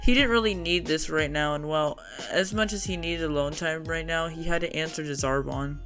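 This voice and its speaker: A man's voice: fairly high pitch, moderate pace, pushed and bright, soft background music. A man narrating a fan audiobook drama in a casual, conversational way.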